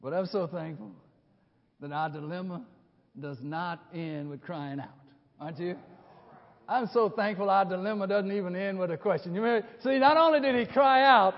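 A man preaching a sermon with passion, dropping to a hush and then rising to shouts, often repeating and restarting his phrases. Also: high-pitched, moderate pace. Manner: impassioned, swings from hushed to shouting. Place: church sanctuary. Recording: dull sound with a long hall reverb.

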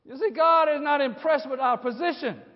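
Impassioned high-voiced preacher in a hall. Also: male voice, fairly quick. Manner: impassioned, swings from hushed to shouting; repeats and restarts phrases. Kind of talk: sermon. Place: church sanctuary. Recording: dull sound with a long hall reverb.

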